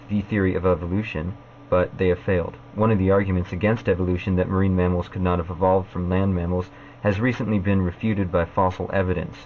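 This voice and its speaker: Man vlogging, very deep voice, halting with fillers, dull lo-fi audio, faint hiss. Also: darkish tone. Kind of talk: casual vlog rebuttal.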